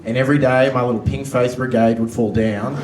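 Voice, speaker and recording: A man's voice: medium pitch, fairly even intonation, fairly quick. A man doing stand-up comedy with dry, sarcastic storytelling. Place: comedy club stage. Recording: echoey club, distant mic, noise.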